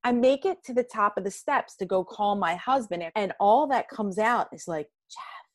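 A woman in her fifties, a podcast guest, telling a personal story in a lively way and acting out quoted lines. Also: mid-range voice, moderate pace, dry recording. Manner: animated, acts out quoted lines.

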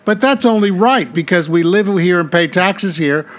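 A man from the United States co-hosts a casual talk show in a high voice. He is chatty and explains things at length. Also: animated, normal speed. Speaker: co-host. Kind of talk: casual radio chat.

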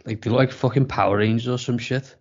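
A man's voice: medium pitch, steady tone, fast, slightly rough. A man co-hosting a podcast, chiming in with blunt, sweary, mocking remarks in casual chat. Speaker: podcast co-host. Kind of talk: casual film review chat. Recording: dull lo-fi sound.

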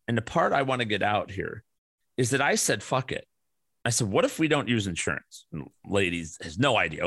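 A man's voice: medium pitch, pushed and bright, dry recording. A man in his forties hosting a podcast, ranting animatedly in casual chat with plenty of swearing. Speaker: podcast host.

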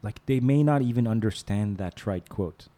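A man's voice: lowish voice, normal speed, warm tone. A man chatting casually on a podcast, telling rambling stories, laughing often and mimicking people. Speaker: podcast host. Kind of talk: casual chat.

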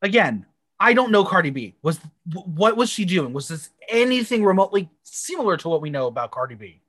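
A woman from the United States co-hosts a casual podcast recap, blunt and crude with exaggerated reactions. Her voice swings widely in pitch as she talks. The sound is dry and close, with no room around it. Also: sing-song, a little fast, fairly bright tone, dry recording. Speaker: podcast co-host recapping a TV episode. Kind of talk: casual chat.

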